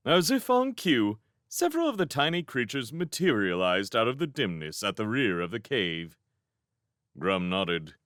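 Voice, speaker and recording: A man reading a children's fantasy novel aloud as narrator, in an expressive storybook style. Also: fairly low pitch, moderate pace, smooth, no room sound, clean studio sound. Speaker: fan audiobook reader.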